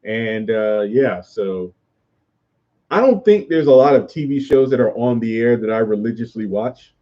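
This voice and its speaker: A man's voice: mid-range voice, lively intonation, unhurried, highs cut off. A man hosting a casual livestream, rambling as he answers viewers' comments aloud. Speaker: YouTube host reviewing a TV show.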